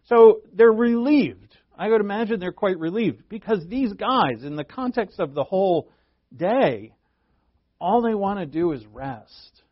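A man's voice: high-pitched, sing-song, measured pace, dry recording, lo-fi sound. A male preacher teaching a sermon verse by verse, in a conversational way that thinks aloud and asks rhetorical questions.

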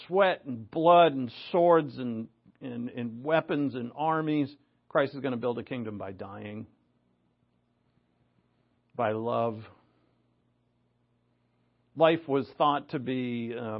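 A man preaching a sermon, animated, moving between loud emphasis and low asides. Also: muffled recording.

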